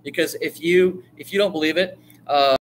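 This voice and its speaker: A man teaches storytelling to a class in an animated, chatty way, acting out quotes and throwing questions to the room. His voice sits a little high. A faint hiss runs under the recording. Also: normal speed. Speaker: writing teacher. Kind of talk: lively classroom talk on storytelling.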